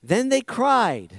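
High-voiced man preaching a casual sermon. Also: gravelly, no echo, clean studio sound. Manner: repetitive, rhetorical questions, swings from loud to hushed. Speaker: pastor. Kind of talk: conversational sermon.

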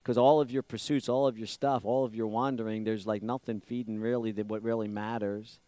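A man preaching a conversational sermon, repeating phrases and asking the listeners questions, swinging from loud emphasis to hushed asides. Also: fairly low pitch, flat delivery, brisk, dry recording. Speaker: pastor.

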